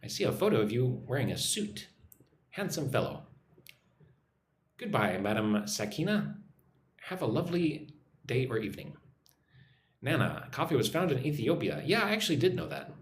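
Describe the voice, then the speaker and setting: Upbeat American man hosting an English lesson live; lively pitch, echoey room with a low hum. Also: normal speed, long pauses. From United States. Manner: upbeat, reads viewer names aloud, models phrases to repeat. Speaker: English teacher live streaming. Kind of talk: casual live-stream lesson, reading chat comments. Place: home in a Vietnamese city.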